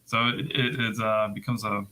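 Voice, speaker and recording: A bass player, a man, explaining things unhurriedly with many fillers in casual podcast chat. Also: steady tone, normal speed, crowd noise, low-quality recording.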